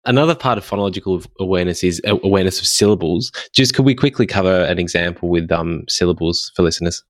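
Deep-voiced upbeat Scottish host. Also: male voice, fast, no echo, studio quality. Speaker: podcast host. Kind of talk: casual interview questions.

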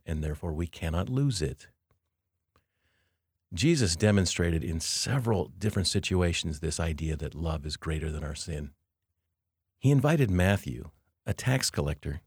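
Deep, husky-voiced man teaching scripture. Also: a little mellow, no echo, studio quality. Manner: earnest, reflective, with light self-deprecating asides. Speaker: podcast host. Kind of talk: devotional podcast teaching.

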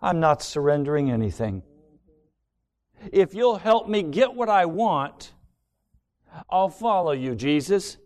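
A man's voice: on the high side, big pitch swings, slow, pauses often, darkish tone. A man preaching a sermon gives voice to self-love as a stubborn, demanding figure that scoffs and bargains. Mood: scornful. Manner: scornful, bargaining.

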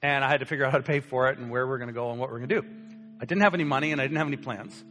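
A young man preaching, telling a personal story with lively acted-out voices. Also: medium pitch, rapid-fire. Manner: animated storyteller acting out quoted voices. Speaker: pastor. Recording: long hall reverb with soft guitar.

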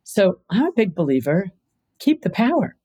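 A middle-aged woman speaks as a podcast guest, animated and emphatic, often tossing rhetorical questions at her listener. Her voice sits at an ordinary pitch and sounds dry and close to the mic. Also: normal speed, husky, no room sound. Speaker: mediator and author, podcast guest. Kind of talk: lively storytelling in conversation.

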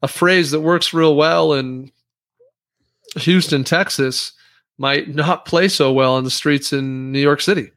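A man's voice: on the high side, fairly even intonation, unhurried, a bit bright, no room sound. A man hosting a podcast who addresses listeners directly and prompts his co-host with questions.

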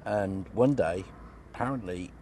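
Deep-voiced man calling in. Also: unhurried, dark tone, slight background noise. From England. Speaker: caller. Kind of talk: phoned-in story.

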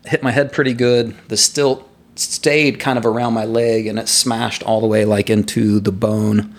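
A man casually telling a personal story to friends, animated and laughing at his own tale. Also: lowish voice, moderate pace, slight background noise.

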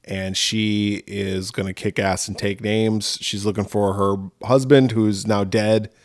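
A man's voice: on the low side, flat delivery, a little slow. A man co-hosting a podcast in casual chat, blunt and swearing freely as he acts out movie lines. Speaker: podcast co-host.

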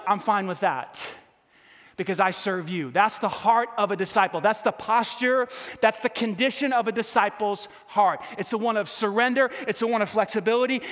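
A man preaching a lively sermon as a pastor, asking the congregation to repeat lines after him. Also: sits high, long reverb tail.

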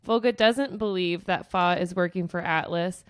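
Animated woman podcast co-host, dry mic. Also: fairly low pitch, normal speed, clean tone, no echo. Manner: animated, swears freely, acts out character lines. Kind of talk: casual book recap chat.

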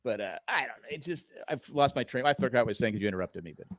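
A man's voice: mid-range voice, lively intonation, racing, dry recording. A man co-hosting a casual podcast, joking and rambling with lots of restarts about sports. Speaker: podcast co-host.

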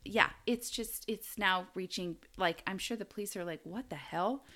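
A woman's voice: mid-range voice, normal speed, bright, forceful tone. A woman co-hosting a casual true-crime podcast, rambling and laughing often as she talks. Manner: giggly, rambling, frequent laughter. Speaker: podcast co-host.

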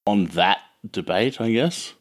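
A man from Queensland, with a broad Australian accent, hosts a relaxed podcast conversation. His voice is very deep, and his manner is easygoing and chatty, with plenty of casual asides. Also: takes it slowly. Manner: easygoing, chatty, uses "reckon". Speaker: podcast host.

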